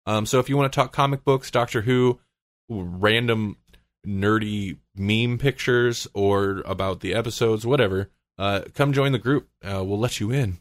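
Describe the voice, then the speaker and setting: A man's voice: fairly low pitch, normal speed, no echo, studio quality. A man hosting a casual podcast chat, rambling with lots of fillers and frequent laughs. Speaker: podcast host.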